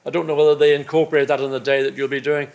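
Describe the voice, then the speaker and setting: An older man in his seventies speaks as the guest of an evening conversation, recalling his racing days. He talks in a slightly higher register, reflective and measured, often circling back to restart a thought. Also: level tone, gravelly, a little mellow. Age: 70s. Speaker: guest, former racing driver. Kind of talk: after-dinner conversation on stage. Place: club evening event indoors.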